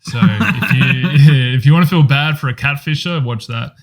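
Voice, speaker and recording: A man's voice: medium pitch, normal speed. A man co-hosting a podcast, chatting casually about films, rambling with many fillers. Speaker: podcast co-host. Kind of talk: casual film review chat.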